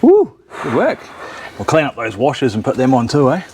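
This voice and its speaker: A man's voice: medium pitch, huge pitch swings, moderate pace, darkish tone, a little hiss or hum. A man with an Australian accent, chatting and joking casually while working on a car in his shed. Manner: jokey, teasing, chatty. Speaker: channel host. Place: home shed workshop.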